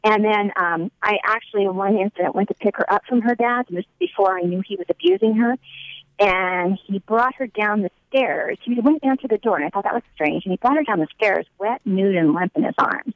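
A woman's voice: medium pitch, a little fast, no echo, lo-fi sound. A woman giving a personal testimony, telling her story earnestly and acting out the dialogue as she recounts it.

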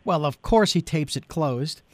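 A man in his forties hosting a radio interview show, relaxed and folksy with many uhs. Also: a little high, unhurried. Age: 40s.

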